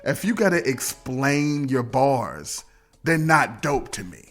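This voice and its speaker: A man chatting as a podcast guest, his pitch swinging widely as he rants and curses. He slips into quick impressions of other people to make his point. Faint music sits under his voice. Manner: animated, profane, mimics others mid-rant. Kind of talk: casual podcast chat.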